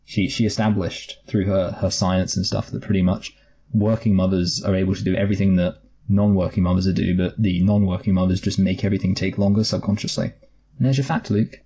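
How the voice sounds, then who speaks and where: A man's voice: sits low, steady tone, a little fast, dark tone, husky. A man co-hosting a podcast, chatting casually about a film in a rambling, wry way with many restarts. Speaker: podcast co-host. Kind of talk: casual film review chat.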